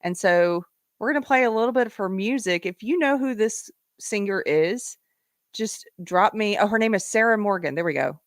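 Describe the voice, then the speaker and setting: A woman's voice: mid-range voice, moderate pace, dry recording, clean studio sound. A woman hosting a live-stream talk show who reads and answers viewer chat in a casual, chatty way. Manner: casual, chatty, laughs often. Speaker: host.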